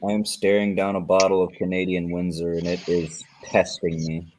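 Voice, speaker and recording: A man's voice: low-pitched, completely flat delivery, moderate pace, background noise. A man chatting casually and joking with friends on a stream. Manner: joking, laid-back. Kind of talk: casual chat.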